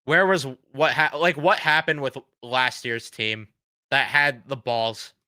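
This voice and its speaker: A man hosts a fan reaction stream, blunt and sarcastic in his frustration, with his voice going hoarse. His tone is bright and smooth. The recording is close and dry. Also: medium pitch, steady tone, takes it slowly, no room sound. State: losing his voice. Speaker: sports fan show host.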